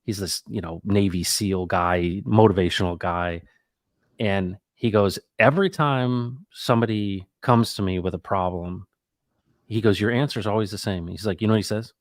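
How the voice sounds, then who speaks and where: A middle-aged man hosting a casual talk, reflective and animated, acting out the people in his stories. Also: on the low side, normal speed, no room sound, clean studio sound. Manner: animated, acts out quoted dialogue; reflective, faith-minded musing. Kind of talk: casual conversational storytelling.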